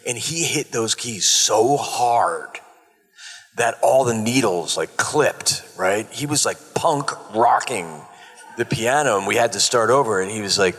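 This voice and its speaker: A middle-aged man, a former children's TV host, telling animated stories on a convention panel. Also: medium pitch, a little slow. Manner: animated, laughing storyteller who acts out quotes. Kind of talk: casual panel storytelling. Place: large convention hall. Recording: long reverb of a convention hall.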